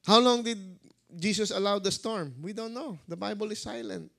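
A male pastor preaching a sermon, dramatic, swinging between loud calls and hushed words. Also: sits high, normal speed, vocal fry.

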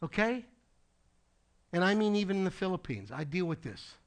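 A man's voice: high-pitched, sing-song, normal speed. A middle-aged man preaching a sermon as pastor, telling a personal story with casual asides to his congregation. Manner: storytelling preacher, conversational asides like "okay?" and "folks".

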